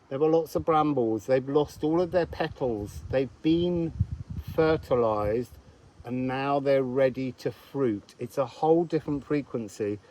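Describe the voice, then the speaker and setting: A man's voice: a little high, a little mellow, low-quality recording. A man giving a casual, meandering astrology and card reading outdoors, thinking aloud as he goes.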